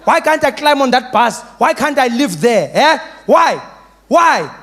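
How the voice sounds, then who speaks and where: A comedian acting out an indignant male protester who shouts his demands. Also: very high-pitched, very animated, measured pace, pitched above the performer's own voice, exaggerated voice.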